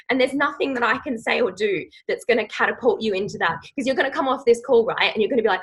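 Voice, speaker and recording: A woman's voice: a little high, fast, hardly any pauses, breathy edge, low-quality recording. A woman in her thirties leading a team training call, emphatic and rallying, often checking in with "okay?".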